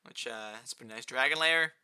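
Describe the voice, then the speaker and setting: A young man chatting casually on a live gaming stream, rambling and answering chat, with a fairly high-pitched voice and keyboard clicks near his desk mic. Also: brisk, clear, resonant tone. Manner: rambling, answers chat, rising excited outbursts.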